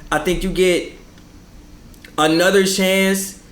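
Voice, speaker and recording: A man's voice: high-pitched, flat delivery, takes it slowly, fairly bright tone, roomy sound. A man co-hosting a casual sports podcast, teasing his partner and pushing back with short jabs. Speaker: podcast co-host.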